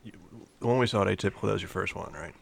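A man's voice: lowish voice, very fast, creaky, a little hiss or hum. A man talking casually on a podcast, rambling and cursing, often restarting his sentences. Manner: rambling, profane, restarts mid-thought. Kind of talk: casual chat.

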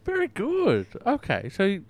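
A man hosting a comedy show in a mock-formal radio patter. His voice sits at a middling pitch, but it swoops widely as he plays along. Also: huge pitch swings, measured pace. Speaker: comedy podcast co-host. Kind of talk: improvised comedy banter.

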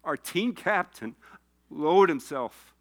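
A man's voice: fairly high pitch, animated, slow pace. A man preaching a sermon, telling a personal story and rising to passionate appeals. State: tearful.

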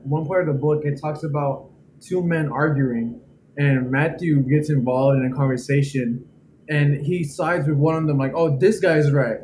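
A man with a fairly high voice speaks earnestly on a casual podcast. Faint noise sits beneath his voice as he works carefully through a point. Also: a little mellow, low-quality recording. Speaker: podcast co-host.

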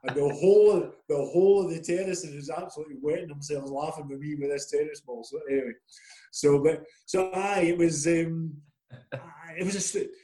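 A man's voice: a little high, fairly quick, warm tone. A middle-aged Scottish man, a former footballer being interviewed, telling self-deprecating, rambling stories in a casual way. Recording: roomy echoey sound.

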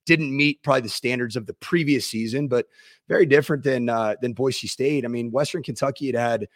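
A man's voice: mid-range voice, a little fast, dry recording, clean studio sound. Laid-back former coach, reflective man. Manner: reflective, self-deprecating, laughs easily. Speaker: co-host and former football coach. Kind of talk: casual sports chat.

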